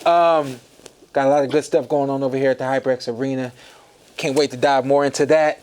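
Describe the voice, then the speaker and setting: A man's voice: mid-range voice, steady tone, fairly quick, a little mellow, clean tone. A man hosting a podcast in a laid-back, casual way, often laughing. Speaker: podcast host.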